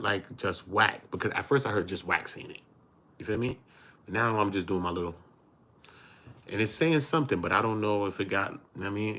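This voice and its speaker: Deep-voiced new dude, slangy and joking, commentary riff. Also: male voice, a bit bright. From New York. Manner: playful, slangy, breaks into laughter and acted asides. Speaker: commentary host. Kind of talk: animated street-slang commentary.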